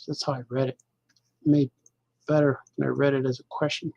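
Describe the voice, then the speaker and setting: A man's voice: mid-range voice, level tone, a little fast, gravelly, pauses often, darkish tone, no echo, lo-fi sound. A middle-aged man hosting a casual show as a cartoonist, rambling and joking loosely, half talking to himself while he draws. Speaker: cartoonist and podcast host.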